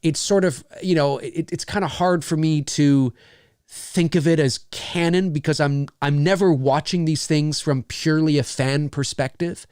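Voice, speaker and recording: A man's voice: on the high side, steady tone, moderate pace, darkish tone, clear, resonant tone, no echo, clean studio sound. A man hosting a casual livestream, rambling enthusiastically and swearing freely as he reads viewer messages. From Canada. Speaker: livestream host.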